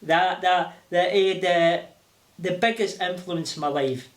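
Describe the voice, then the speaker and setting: An older man with a Glaswegian accent, telling lively stories with laughter as an interview guest. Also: sits high, measured pace. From Scotland. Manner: animated, laughing, acting out voices. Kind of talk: casual storytelling. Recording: roomy echo.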